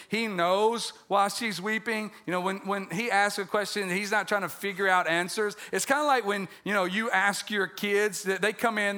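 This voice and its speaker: A man's voice: high voice, sharp tone. A man preaching a conversational Easter-style sermon as pastor, joking with the congregation and often restarting his words.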